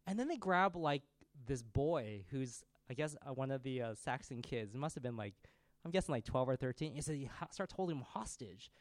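A man in his thirties preaching a sermon, telling a family story in a conversational, animated way. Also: medium pitch, a little fast, no echo.

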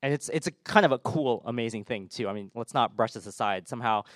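A man preaching in a relaxed, chatty way, cracking dry self-deprecating jokes between points. His voice sits at a middle pitch and is recorded close and dry, with no room sound around it. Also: fast, no echo. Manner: informal, self-deprecating humor, many fillers. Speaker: pastor. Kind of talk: conversational sermon.

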